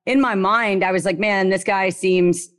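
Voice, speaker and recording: A young woman from Louisiana with a Southern accent, telling her story as a guest in a casual, lively way with playful slang. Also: mid-range voice, normal speed.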